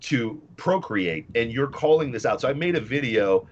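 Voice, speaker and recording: A man's voice: mid-range voice, lively intonation, moderate pace, dull audio, slight background noise. A man from the US Midwest, a guest on a talk show, ranting bluntly and combatively about politics. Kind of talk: casual political chat.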